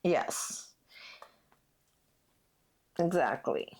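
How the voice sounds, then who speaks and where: A woman's voice: low-pitched, animated, drawn-out words, a little mellow. A woman hosting a casual crafting chat, talking in a chatty way with lots of fillers. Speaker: channel host.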